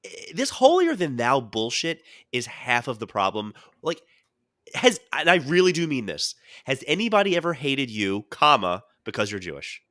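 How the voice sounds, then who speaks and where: Lively, bright-voiced man on a podcast. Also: mid-range voice, moderate pace, dry recording, studio quality. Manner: animated storyteller who jumps into quoted voices. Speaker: podcast co-host. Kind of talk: casual podcast chat.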